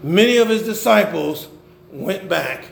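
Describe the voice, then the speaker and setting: An older man preaching a sermon, swinging between loud emphasis and low murmurs. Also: animated, a little slow, vocal fry, echoey room. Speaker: pastor.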